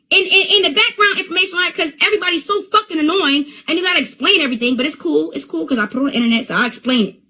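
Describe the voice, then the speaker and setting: A woman's voice: very high voice, very fast, bright, forceful tone, poor audio. A young woman on a phone live stream, talking in an agitated rant that stammers and repeats itself.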